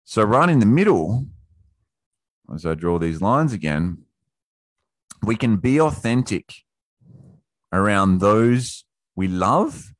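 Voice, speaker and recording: A man hosting an online workshop in a casual, profane way, often acting out quotes in a high voice. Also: sing-song, slow, pauses often, no room sound. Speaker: workshop host. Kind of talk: casual motivational talk.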